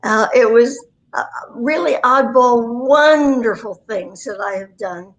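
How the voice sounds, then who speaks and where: On a poor-quality remote livestream call, a woman in her nineties appears as a guest and tells rambling, self-deprecating stories from her career as a voice actress. Her voice sits on the high side with a fairly bright tone, and she takes her time.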